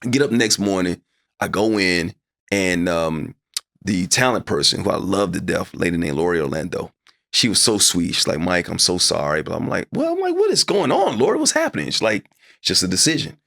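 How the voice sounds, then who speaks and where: A middle-aged man with a low, gravelly voice tells a story from his career as an interview guest. He acts out each exchange, and his voice shoots up when he replays his disbelief. His delivery is conversational and lively. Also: moderate pace, no echo, studio quality. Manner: acts out his own past dialogue, voice climbing high when upset. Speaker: interview guest, sports broadcaster.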